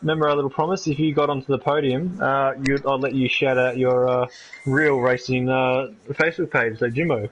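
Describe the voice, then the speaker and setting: A man's voice: mid-range voice, steady tone, fairly quick, slight background noise. A man co-commentating a sim racing stream, joking around and laughing easily. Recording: dull lo-fi stream audio.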